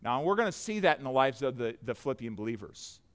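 A man's voice: medium pitch, very animated, fast. A male pastor preaching a sermon in an earnest manner, repeating phrases and calling on the congregation to respond.

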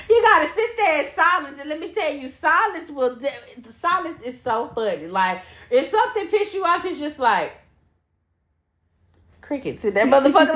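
A young woman co-hosts a podcast, chatting casually in an animated, profane way with lots of laughter. Her voice is high and her pace moderate. The room is echoey.

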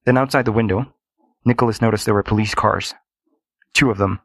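A man narrating a scripted story in a steady, dramatic manner. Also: fairly low pitch, brisk, no echo.

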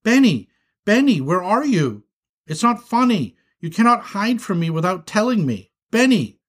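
A man's voice: mid-range voice, sing-song, unhurried, slightly rough, full character voice. A man voicing a young male skunk, a patient big brother who turns frantic when his little brother strays, in a storybook reading. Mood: alarmed, shouting.

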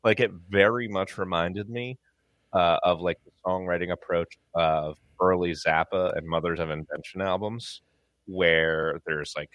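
A man's voice: sits low, fairly even intonation, unhurried, fairly bright tone, no room sound. A man co-hosting a music podcast, talking in a laid-back way with dry humor. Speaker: podcast co-host. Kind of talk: casual podcast chat.

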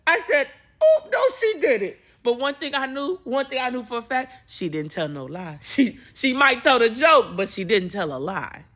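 A young adult woman hosting a podcast, talking casually about faith in an emotional, animated way, often repeating and restarting her words. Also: on the high side, normal speed, few pauses. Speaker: podcast host and preacher. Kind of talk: casual spiritual talk.

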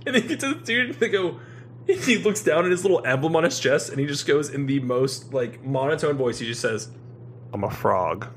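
A young man co-hosting a casual podcast chat, excitable and swearing freely. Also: a little high, fairly quick, a little hiss or hum. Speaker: podcast co-host.

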